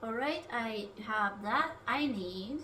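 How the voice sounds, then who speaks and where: High-pitched bright woman streamer, off-mic. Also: animated, slow, recorded from a distance, background noise. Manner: rambling, swears often, talks to her food and chat. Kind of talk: casual live-stream chatter while cooking. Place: home kitchen.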